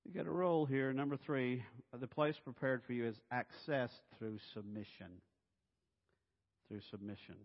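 A man preaching a sermon in a church, animated and playful, dropping to a hush and then rising loud. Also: mid-range voice, normal speed. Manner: animated and playful, swinging between hushed and loud. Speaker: pastor. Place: church sanctuary. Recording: reverberant hall, dull sound.

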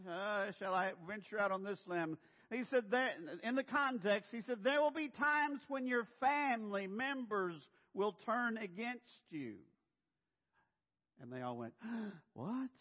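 A male pastor preaching a sermon, animated, speeding up and then slowing down to stress points. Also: very high-pitched. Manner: animated, pushes pace then slows for emphasis. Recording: dull, echoey hall.

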